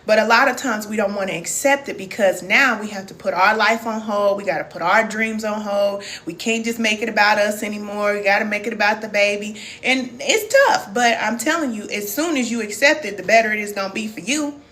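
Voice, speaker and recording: A Southern US woman in her forties, working as a wellness coach, gives a live-stream motivational talk, reading viewer comments aloud with a preacher-like cadence. Her medium-pitched, fairly bright voice moves quickly, with few pauses.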